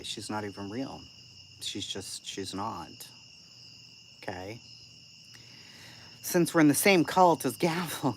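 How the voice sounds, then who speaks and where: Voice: mid-range voice, slight background noise. A channel host giving casual live-stream commentary and answering chat, blunt, profane and sarcastic.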